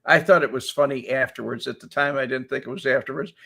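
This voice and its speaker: An older man hosting a casual talk show, telling animated stories and laughing often as he acts out quotes. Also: mid-range voice, fast talker, gravelly. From Chicago area. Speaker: show host. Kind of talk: casual storytelling chat.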